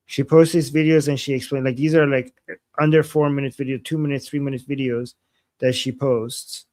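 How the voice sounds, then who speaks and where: A man's voice: medium pitch, level tone, moderate pace, darkish tone, no echo, clean studio sound. A man co-hosting a live stream in casual chat, rambling and restarting his sentences with lots of "like.". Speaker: co-host of a live analysis stream.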